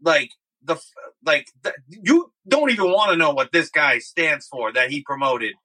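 Guy on a sports podcast, bright kinda high voice, measured, some uhs. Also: animated, poor audio. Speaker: podcast co-host. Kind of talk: casual chat.

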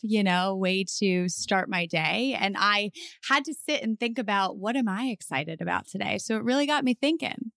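A woman's voice: medium pitch, animated, normal speed, hardly any pauses, a bit bright, no echo, studio quality. A young woman co-hosting a casual podcast chat as a therapist, encouraging and laughing often.

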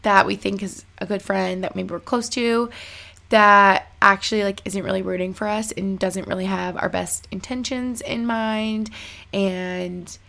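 A woman's voice: medium pitch, steady tone, measured pace, creaky, sharp tone. A young woman telling a story to her viewers in a chatty way, full of "like" and acted-out bits of conversation. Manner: chatty, fillers of "like", re-enacts conversations. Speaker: vlogger. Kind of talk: casual storytelling to camera.

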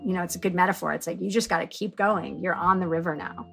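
A middle-aged woman tells her story as an interview guest. She talks in an animated, chatty way, full of fillers, and her voice has a gravelly fry. Soft music plays faintly beneath her. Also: lowish voice, fast talker. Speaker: guest, author and mother.

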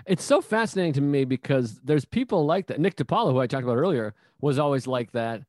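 A man's voice: mid-range voice, expressive, fast talker, darkish tone, dry recording, clean studio sound. A man hosting a podcast, swearing freely and acting out quotes as he tells rambling stories in casual chat. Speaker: podcast host.

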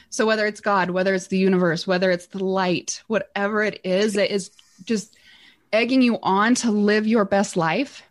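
A middle-aged woman, a podcast guest and entrepreneur, telling a personal story in an animated, earnest way. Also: mid-range voice. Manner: animated, earnest, acts out quotes.

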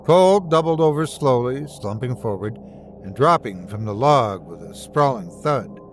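A man's voice: mid-range voice, lively intonation, a little slow, faint music behind. Man narrating a horror story. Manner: suspenseful, first-person storytelling.

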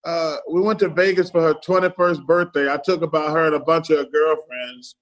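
A man's voice: a little high, steady tone, fairly quick, poor audio. A middle-aged man from Alabama, telling casual stories as a podcast guest, acting out dialogue and repeating "I said". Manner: retells stories in quoted dialogue, keeps repeating "I said". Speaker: podcast guest, former pro athlete. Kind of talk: casual storytelling.

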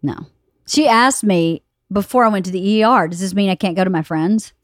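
A woman's voice: medium pitch, fairly quick, no echo, clean studio sound. A woman in her fifties hosting a casual podcast chat, telling stories animatedly with frequent laughs. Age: 50s. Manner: animated storyteller, laughs often, quotes others. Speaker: podcast host.

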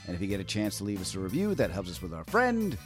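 A man's voice: on the low side, huge pitch swings, fast, over music. A man hosting a podcast in casual chat, joking in a wry, self-described cranky way into a studio microphone. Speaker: podcast host.

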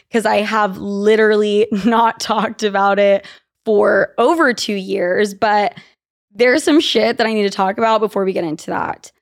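A woman's voice: medium pitch, clear, resonant tone. A young woman hosting a podcast, chatting casually and telling stories, swearing freely and laughing as she goes. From Utah. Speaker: podcast host. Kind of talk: casual chat.

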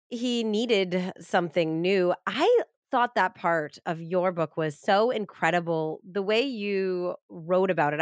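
A woman's voice: fairly low pitch, clean tone, no echo, studio quality. A woman co-hosting a podcast who engages the guest with reflective questions. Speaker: podcast co-host. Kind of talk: casual interview chat.

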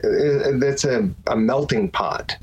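Animated rambling man, podcast guest. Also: medium pitch, unhurried, breathy edge, muffled recording. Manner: rambling, lots of restarts and fillers, animated. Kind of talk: casual interview chat.

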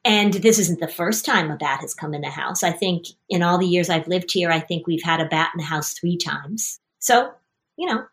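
A woman hosting as a parenting coach, guiding a mother and child with animated stories and acted-out quotes. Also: on the low side, normal speed. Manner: animated storytelling, acting out quoted voices. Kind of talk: coaching conversation.

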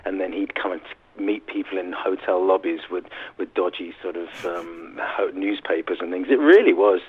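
A man's voice: low voice, moderate pace, husky. A middle-aged man from Sussex, a musician guest telling chatty, self-mocking stories in an interview over the phone. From Sussex, England. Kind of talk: interview anecdotes. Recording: tinny phone line.

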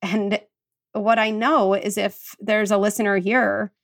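A woman's voice: medium pitch, little pitch movement, unhurried, vocal fry. A woman psychologist talking on a podcast, earnest and reassuring, walking listeners through an exercise. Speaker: psychologist guest. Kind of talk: podcast conversation.

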